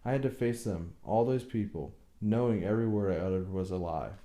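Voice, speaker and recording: Low-voiced man reading an audiobook. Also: brisk, mellow, reverberant. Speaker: audiobook reader. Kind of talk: audiobook narration.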